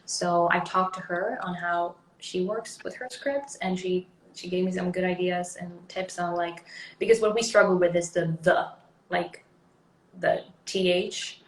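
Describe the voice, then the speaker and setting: A woman with a Swedish accent, a guest chatting casually in an interview, often pausing to search for words. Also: fairly low pitch, fairly even intonation. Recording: echoey room, faint noise.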